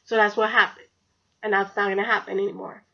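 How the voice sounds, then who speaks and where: A woman's voice: medium pitch, little pitch movement, quick pace, creaky, sharp tone. A young woman telling a story on her vlog, chatty and blunt and swearing freely. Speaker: vlogger. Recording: dull lo-fi recording.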